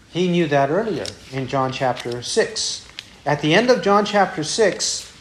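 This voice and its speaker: A man preaching from the pulpit, his voice sitting a little high for a man. He keeps pressing his listeners with rhetorical questions. The room gives his voice a clear echo. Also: a bit bright, a little hiss or hum. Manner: asks the congregation rhetorical questions. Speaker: pastor. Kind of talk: expository sermon.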